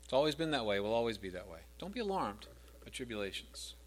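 A man's voice: medium pitch, big pitch swings, quick pace. A middle-aged man preaching a sermon as pastor, repeating verses with rising emphasis.

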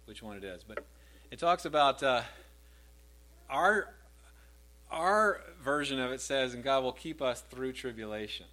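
A man's voice: mid-range voice, lively intonation, a little slow, bright, forceful tone. A middle-aged man preaching a sermon as pastor, repeating verses with rising emphasis.

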